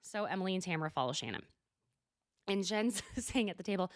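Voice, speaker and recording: A woman's voice: mid-range voice, animated, fairly quick, no room sound, clean studio sound. A woman hosting a podcast, recapping a reality show in a gossipy, casual way with laughs and swearing. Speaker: podcast host.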